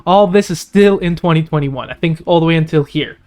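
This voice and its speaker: A man's voice: a little mellow, clear, resonant tone. Man reading out stock chart levels. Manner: rapid figures and indicator names, pitch jumping up on key points. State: losing his voice. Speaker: stock analysis channel host. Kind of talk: screen-share chart walkthrough.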